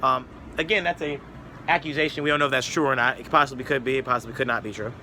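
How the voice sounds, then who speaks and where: A man's voice: medium pitch, fairly even intonation, fast, bright, forceful tone, slight background noise. A man giving a rambling, sarcastic opinion monologue as a political commentator, mocking others with put-on voices.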